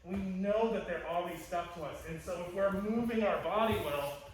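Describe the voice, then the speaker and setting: High-voiced wry man in an echoing gym. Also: moderate pace, slight background noise. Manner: wry, explanatory, laughs at his own jokes. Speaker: martial arts co-instructor. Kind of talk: teaching a class. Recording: echoey gym heard from a distance.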